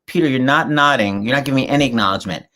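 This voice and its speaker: A man's voice: mid-range voice, racing, pushed and bright. A man hosting a live video-call show, chatting casually with jokes, teasing and rambling asides. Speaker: host. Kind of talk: casual chat.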